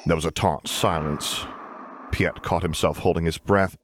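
A man reading a story aloud in measured, dry narration. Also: low-pitched, steady tone, background noise. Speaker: audiobook reader. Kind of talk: scripted narration of fan fiction.

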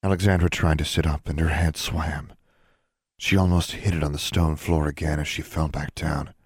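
A man narrating a fantasy story as an audiobook, in a steady, measured reading. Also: very deep voice, slightly rough, no room sound, studio quality.

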